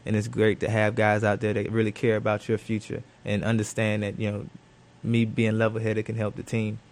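A man's voice: fairly low pitch, completely flat delivery, brisk, a little mellow. A man, a professional football cornerback, answering questions in a studio interview, thoughtful and full of fillers and restarts.

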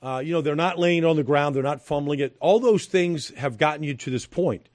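Middle-aged guy breaking down football in a dry studio, fairly high voice, punchy and repetitive. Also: fairly quick, darkish tone, no echo. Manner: emphatic, repeats phrases, frequent fillers. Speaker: football analyst guest. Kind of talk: studio sports analysis chat.

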